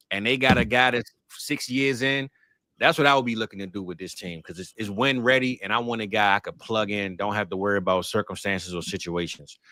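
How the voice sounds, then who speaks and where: A slangy, easygoing man chats on a podcast, his voice bright and forceful against a dry, close mic. He keeps it loose and friendly, with an everyday delivery. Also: medium pitch, no room sound. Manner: laid-back, slangy, calls people man. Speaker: podcast co-host. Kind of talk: casual chat.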